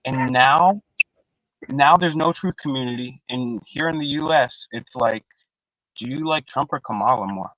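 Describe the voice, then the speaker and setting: A man's voice: medium pitch, normal speed, dry recording, lo-fi sound. A man in casual live-stream panel chat, rambling and profane, with lots of slang and restarts, on a video call. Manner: restarts often, animated.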